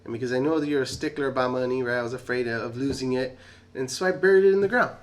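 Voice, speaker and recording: A man's voice: medium pitch, fast, lightly acted. A man voicing a timid, fearful male servant who pleads and rambles through his excuses. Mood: nervous pleading.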